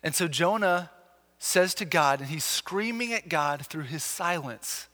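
A man preaching a sermon as pastor, talking earnestly with lively emphasis and frequent restarts. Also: fairly high pitch, unhurried, long reverb tail.

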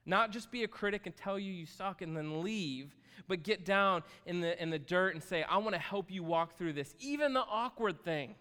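Male pastor, sermon, conversational and joking, smooth resonant voice, hall reverb. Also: high-pitched, moderate pace. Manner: animated, joking, conversational preaching.

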